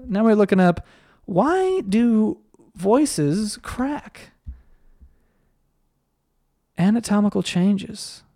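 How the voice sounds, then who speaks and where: A man's voice: sits high, no echo, studio quality. A young man hosting a podcast alone, chatting casually and rambling through an ad read, his voice cracking now and then. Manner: rambling, self-deprecating, voice cracking. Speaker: podcast host.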